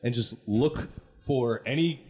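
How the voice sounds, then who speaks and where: A man's voice: mid-range voice, slow pace, darkish tone. A man hosting a comedy podcast in casual chat, reacting to the others and laughing often.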